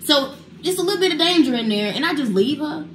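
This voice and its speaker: A woman's voice: high voice, expressive, fast, roomy sound, a little hiss or hum. A young woman speaking frankly and a bit exasperated about family favoritism. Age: young adult. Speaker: guest, the speaker's daughter.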